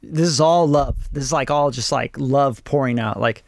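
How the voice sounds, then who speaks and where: A man's voice: mid-range voice, moderate pace, creaky, dry recording, clean studio sound. A man reviewing songs on a casual live stream, blunt and profane, often acting out other people's voices. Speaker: music producer reviewing songs.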